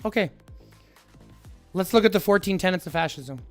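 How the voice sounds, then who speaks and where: A man's voice: high-pitched, lively intonation, moderate pace, soft background music. A man arguing heatedly with his live-stream chat, lecturing and repeating his points. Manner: combative, lecturing, repeats himself.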